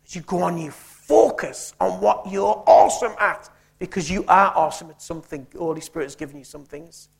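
A man's voice: sits high, brisk, creaky, hardly any pauses, husky. A man preaching a sermon, emphatic and punchy, firing rhetorical questions at the room.

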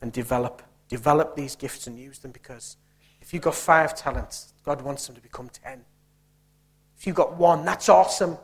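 A man's voice: mid-range voice, normal speed, husky. A man preaching a sermon, emphatic and punchy, firing rhetorical questions at the room.

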